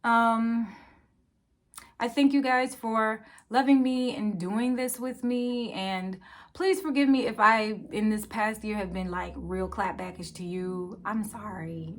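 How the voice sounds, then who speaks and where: Young woman vlogger, Baltimore accent, heartfelt and teary, steady unhurried delivery. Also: fairly high pitch. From West Baltimore. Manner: earnest, emotional, trying not to cry. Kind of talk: heartfelt personal vlog.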